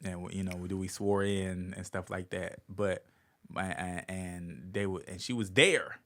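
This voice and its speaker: A comedian from Virginia telling an animated story as a podcast guest, acting out quotes as he goes. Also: low voice, a little slow. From Virginia, USA. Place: podcast studio.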